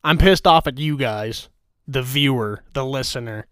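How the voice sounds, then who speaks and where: A man's voice: mid-range voice, a little slow, fairly bright tone, clear, resonant tone, no room sound, studio quality. A man hosting a casual podcast, ranting in a crude, mock-angry, teasing way. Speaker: podcast host. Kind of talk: crude comedic rant.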